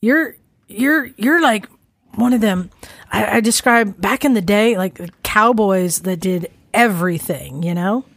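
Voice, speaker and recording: A woman's voice: medium pitch, measured pace, no room sound. A woman hosting a podcast, upbeat and steering the conversation. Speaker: podcast host. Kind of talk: casual podcast chat.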